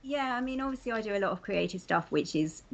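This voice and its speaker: A woman's voice: medium pitch, lively intonation, fast talker, gravelly. A woman with a slight London accent, speaking earnestly and encouragingly as an interview guest, often breaking into laughter. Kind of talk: casual interview talk.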